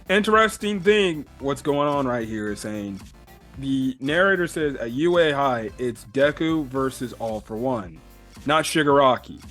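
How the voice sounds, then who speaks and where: A man's voice: medium pitch, a bit bright. A man casually recapping a comic chapter in a rambling way, full of fillers and the odd swear word. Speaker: manga reviewer.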